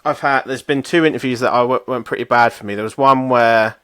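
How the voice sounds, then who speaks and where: Young male co-host, rambling self-mocking storyteller, mid-pitched, dry recording. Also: steady tone, a little fast, a bit bright, dry recording. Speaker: podcast co-host. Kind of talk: casual chat.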